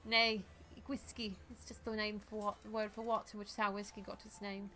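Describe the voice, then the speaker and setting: A woman's voice: mid-range voice, flat delivery, normal speed, sharp tone, soft background music, natural voice. A woman voicing a tough, brash female mercenary with a shotgun, putting on a swaggering, blunt accent. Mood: gruff storytelling.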